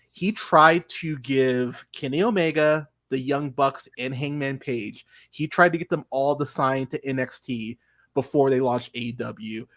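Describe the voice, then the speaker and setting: Dude hosting a podcast, mid pitch, rants hard and swears. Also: male voice, fairly bright tone, no room sound, clean studio sound. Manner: emphatic, ranting, swears. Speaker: podcast host. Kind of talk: casual podcast chat.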